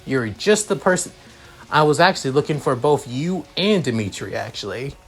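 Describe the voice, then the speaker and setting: A man's voice: medium pitch, lively intonation, normal speed, fairly bright tone, breathy edge, faint music behind, pitched above the performer's own voice. A man voicing a fatherly middle-aged organization leader who speaks politely and to the point, reading a fan story aloud.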